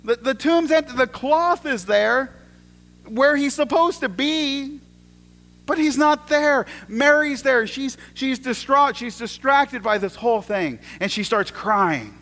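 A male pastor delivers a storytelling sermon in a very high-pitched voice, taking his time. He swings between excited rises and hushed asides, often repeating words.

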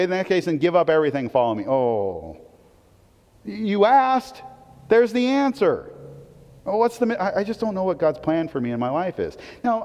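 A male pastor preaching a sermon in a conversational, animated way, swinging between loud emphatic lines and quiet asides, and asking the audience questions. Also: high-pitched. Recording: dull, long-reverb hall recording.

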